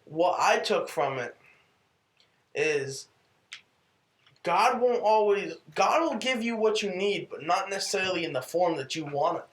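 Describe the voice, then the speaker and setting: Reflective male co-host, a bit higher-pitched, echoey room. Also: animated, unhurried, pauses often, fairly bright tone. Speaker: podcast co-host. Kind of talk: casual faith podcast talk. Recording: roomy room echo.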